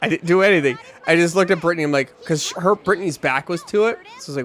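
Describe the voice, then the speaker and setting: A man's voice: a little high, very fast, hardly any pauses, fairly bright tone, a little hiss or hum. A man co-hosting a gaming show, chatting casually and telling a rambling story, acting out the voices of the people in it. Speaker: co-host playing a video game. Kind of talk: casual chat while gaming. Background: faint game music.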